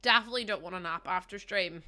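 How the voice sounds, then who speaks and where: A woman's voice: lowish voice, quick pace, sharp tone, soft background music. A woman around thirty chatting casually with her viewers while she streams a game, laughing often and answering their messages. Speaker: livestreamer.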